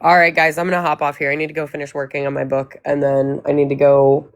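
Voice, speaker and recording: A woman's voice: low-pitched, flat delivery, quick pace, no echo. A woman in her forties chatting casually on a livestream, easygoing and swearing offhandedly. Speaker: mother of teenagers on a livestream. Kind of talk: casual chat.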